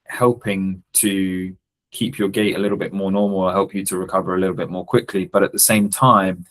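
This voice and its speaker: A man hosting a casual podcast conversation, curious and keen to explain. His voice is a little on the low side and he speaks at a relaxed, conversational pace. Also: low-quality recording. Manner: inquisitive and explanatory. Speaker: podcast host.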